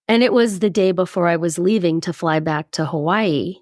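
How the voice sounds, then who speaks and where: A woman in her fifties, a podcast guest, telling a personal story in an animated way and acting out what people said. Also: lowish voice, normal speed, no echo, clean studio sound. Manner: animated storyteller who acts out quoted speech.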